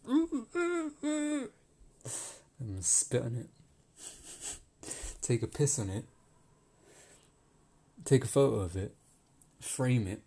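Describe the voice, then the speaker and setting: A man's voice: mid-range voice, huge pitch swings, extremely slow, long pauses, mellow. A man ranting in a rambling, profane monologue, laughing often and repeating himself.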